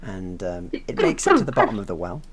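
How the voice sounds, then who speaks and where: A game master narrating a tabletop game in a relaxed way, laughing often and making little sound noises. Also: sits low, a little fast, crowd noise.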